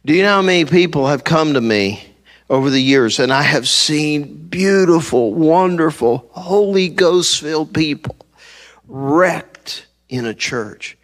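On a church stage before a congregation, a middle-aged pastor with a fairly high-pitched, animated voice preaches a little slowly into a handheld mic. His sermon is full of funny stories in which he acts out the people he quotes.

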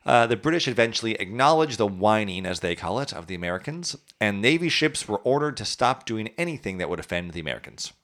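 Animated man joking through history. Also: lowish voice, quick pace, few pauses. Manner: jokey, acts out historical figures in silly voices. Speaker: podcast host telling history. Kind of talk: casual history chat.

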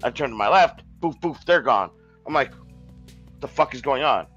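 A man's voice: medium pitch, animated, moderate pace, a bit bright, husky, highs cut off, faint music behind. A man telling a long story in a casual podcast chat, rambling, swearing and restarting his sentences.

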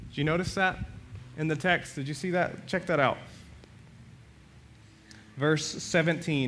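A male pastor preaching a sermon, animated, swinging between loud and soft and acting out the quotes. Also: a little high, a little slow, pauses often.

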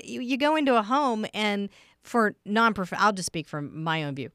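A woman's voice: medium pitch, lively intonation, a little fast, a bit bright, dry recording. A woman hosting a radio interview in a friendly, affirming way. She laughs easily. Her voice sounds dry and close. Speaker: radio host.

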